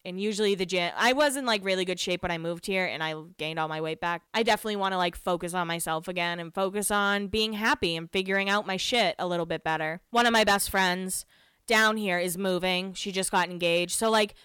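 A woman's voice: on the low side, brisk, a bit bright, smooth, dry recording, studio quality. A young woman hosting her own podcast, talking casually and gossiping, filled with "like" and frequent swearing. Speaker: podcast host. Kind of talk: casual solo podcast chat.

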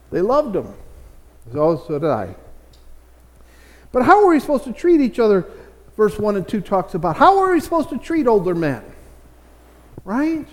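In a large hall, a middle-aged American pastor gives a chatty, conversational sermon packed with folksy stories. His voice is high for a man and has vocal fry, and he trips over repeated words when a point gathers momentum.

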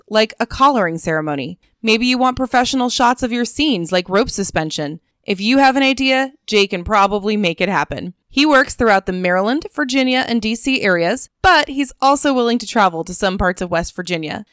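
Woman, podcast promo read, upbeat, smooth clear voice, dry close sound. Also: on the high side, expressive, fairly bright tone, dry recording. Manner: upbeat, spells out web addresses slowly. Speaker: podcast host reading a sponsor spot.

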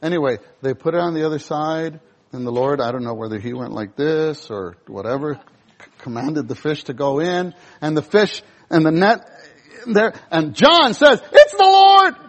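Husky animated male preacher. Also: fairly high pitch, moderate pace. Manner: animated, acts out Bible scenes in voices. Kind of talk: sermon.

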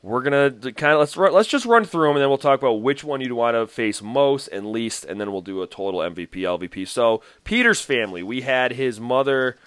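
A man's voice: mid-range voice, expressive, a little fast, few pauses, a bit bright, smooth, no room sound, studio quality. A man hosting a casual podcast chat, rambling and laughing as he recaps a reality show. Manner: chatty, rambling, laughs often, restarts a lot. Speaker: podcast host.

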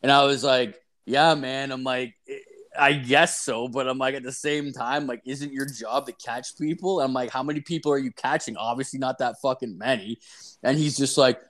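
A man's voice: mid-range voice, steady tone, normal speed, a bit bright. Profane rambling man telling stories. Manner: profane, rambling, heavy use of "like" fillers. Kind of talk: casual storytelling chat.

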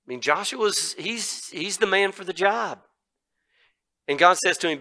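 A man's voice: sits high, lively intonation, a little slow, bright, forceful tone, rough recording. A middle-aged male pastor preaching a sermon in a folksy, conversational way, with fillers and asides.

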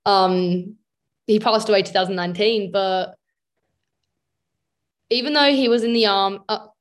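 A woman's voice: medium pitch, unhurried. A young woman from Australia, a guest on a podcast, talking casually and hesitantly with frequent laughs. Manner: hesitant, laughs often, uses fillers like "like". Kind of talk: casual conversation.

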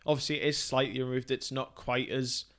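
A man's voice: mid-range voice, little pitch movement, fairly quick, a bit bright. Chatty man co-hosting a podcast. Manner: chatty, laughs easily, trails off mid-sentence. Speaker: podcast co-host. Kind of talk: casual film chat.

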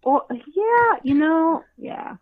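A woman chatting casually as a podcast co-host, an animated storyteller who acts out her own reactions. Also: very high voice, very slow, dry recording. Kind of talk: casual fan chat. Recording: tinny phone-like line, dry.

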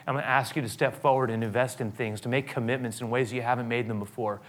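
A middle-aged man preaching a sermon in a mid-range voice. He talks quietly and reflectively at times, then climbs into emphatic, urgent appeals. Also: mid-range voice, fairly even intonation, fast talker. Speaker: pastor.

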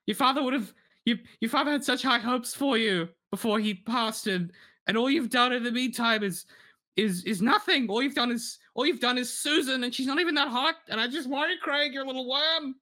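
Give me a sneering, scornful mom with a bright voice, as a man fakes her for a podcast sketch. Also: very high voice, pitched above the performer's own voice. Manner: contemptuous, halting insults. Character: cruel scornful mother belittling her grown son.

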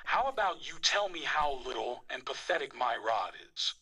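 A man putting on a creepy, breathy male phone caller with a low voice. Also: very animated, normal speed, bright, forceful tone, full character voice. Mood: eager.

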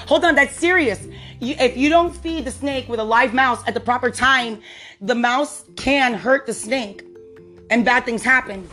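Young adult woman podcast host, fairly high voice, chatty and laughing as she tells a story, faint music under her. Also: normal speed, fairly bright tone. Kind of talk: casual chat.

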